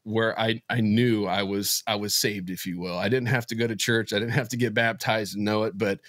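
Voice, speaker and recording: A man's voice: on the low side, fairly even intonation, a bit bright, dry recording. Earnest man telling a personal story, dry sound. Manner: earnest and emotional, halting restarts. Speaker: podcast guest, business founder. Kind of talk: casual interview, personal faith story.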